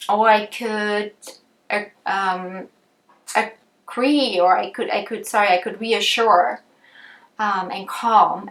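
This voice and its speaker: A woman teaching about empathy in a relaxed, conversational way, thinking aloud with frequent ums and restarts. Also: mid-range voice, slow. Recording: roomy echo.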